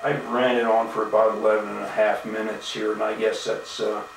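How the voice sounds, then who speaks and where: A man's voice: fairly low pitch, monotone, normal speed, vocal fry, a little hiss or hum. A man delivering an angry, profane video-blog rant, full of indignation and "you know" fillers. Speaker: video blogger. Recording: echoey room, mic at a distance.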